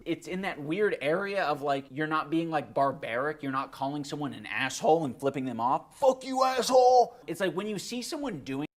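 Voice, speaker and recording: A man's voice: fairly high pitch, animated, brisk, few pauses. A man in a played video clip, explaining earnestly in a casual way with filler words.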